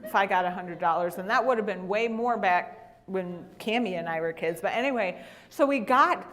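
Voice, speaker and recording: Woman Bible class teacher, lively storyteller who acts out the quotes, mid-pitched voice, church classroom. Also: moderate pace.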